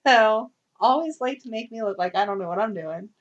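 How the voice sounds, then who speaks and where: Animated mother telling stories, lo-fi. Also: fairly high pitch, fairly quick. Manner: animated storyteller, laughs often. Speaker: podcast co-host. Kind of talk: casual chat. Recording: dull lo-fi audio.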